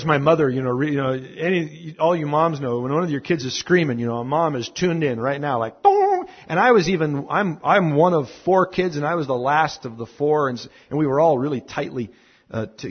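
Husky-voiced man preaching a story-filled sermon. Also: on the high side, dull audio. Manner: animated storyteller who drops to a hushed tone. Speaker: pastor.

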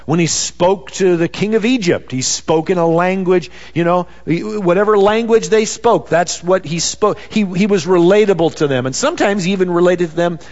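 A man's voice: high voice, normal speed, hardly any pauses, darkish tone. A man preaching a sermon in a conversational way, peppered with "you know.". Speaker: pastor. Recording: dull sound with long reverb.

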